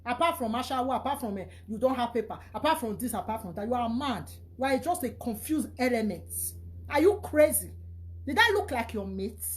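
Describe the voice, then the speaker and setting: Nigerian woman, high voice, angry scolding rant. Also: expressive, fairly quick, few pauses. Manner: scolding, insulting, repeats herself. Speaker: vlogger. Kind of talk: angry social media rant.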